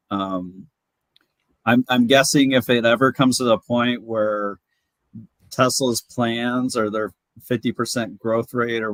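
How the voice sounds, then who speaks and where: Guy with a lowish voice chatting on a panel, thinks out loud, dry close sound. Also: dry recording, poor audio. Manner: thoughtful, hedging with fillers. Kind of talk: casual panel chat.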